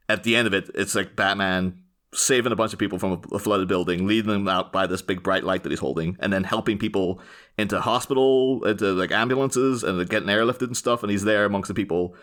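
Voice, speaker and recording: A man's voice: on the low side, expressive, fast talker, fairly bright tone. A man hosting a podcast, talking casually and enthusiastically about a film, rambling with frequent restarts. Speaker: podcast host. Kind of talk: casual chat, film discussion.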